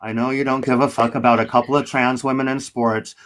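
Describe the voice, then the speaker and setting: A man's voice: mid-range voice, level tone, fairly quick, a bit bright. A man hosting a live-stream debate, combative and profane, talking over his guest.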